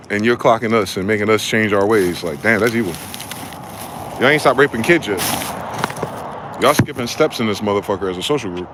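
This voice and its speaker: A man's voice: medium pitch, fairly bright tone, a little hiss or hum. A man from New Jersey delivering a heated, profane ranting monologue as a vlogger. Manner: profane, heated, fast-talking.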